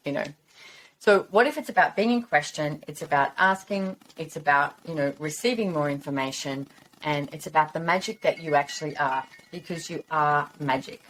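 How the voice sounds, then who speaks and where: A woman's voice: sits low, moderate pace, a bit bright, slight background noise. A middle-aged woman from Australia hosting a podcast, talking in a chatty, rambling, encouraging way. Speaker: podcast host. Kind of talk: casual monologue.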